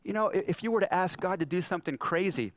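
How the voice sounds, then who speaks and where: Male pastor, animated sermon storytelling, fairly high voice, dry close sound. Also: fast, no room sound. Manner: animated storytelling, acting out scripture.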